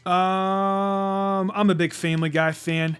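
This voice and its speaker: A man's voice: high-pitched, little pitch movement, slow pace, a bit bright, smooth, faint music behind. A man doing let's play commentary as a channel host, stammering and repeating words, and swearing when annoyed.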